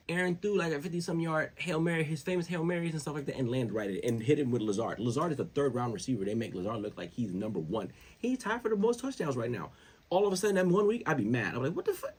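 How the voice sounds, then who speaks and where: Husky-voiced man riffing on football. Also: medium pitch. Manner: animated, slangy, rambling with restarts. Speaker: show host. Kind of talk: casual sports commentary.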